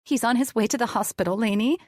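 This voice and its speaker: A woman voicing an anxious middle-aged mother in an audiobook, fretful and quick to turn stern. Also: fairly high pitch, a little mellow, dry recording, studio quality, pitched above the performer's own voice, lightly acted. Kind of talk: audiobook character voice.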